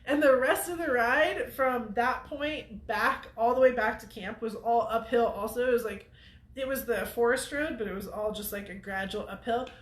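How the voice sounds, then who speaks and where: A woman's voice: fairly high pitch, moderate pace, reverberant. A woman hosting a weekly show, telling a story to viewers in a chatty way and laughing often. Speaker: host of a weekly off-road show.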